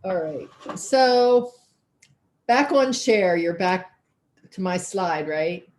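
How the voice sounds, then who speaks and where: A woman's voice: lowish voice, lively intonation, slow pace, a little mellow, slight background noise. A woman teaching a cooking class over a video call, chatty and folksy, thinking aloud as she works. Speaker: cooking instructor.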